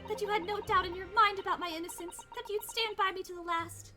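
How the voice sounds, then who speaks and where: A woman's voice: very high-pitched, steady tone, quick pace, over music, pitched above the performer's own voice. A woman reading game dialogue aloud as an earnest young male lawyer, in theatrical, self-reproaching outbursts.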